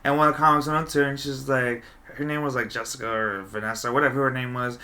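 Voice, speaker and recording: A man's voice: mid-range voice, flat delivery, fast, bright, forceful tone. A man hosting a podcast, chatting loosely, swearing freely and laughing often. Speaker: podcast host. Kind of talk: casual chat.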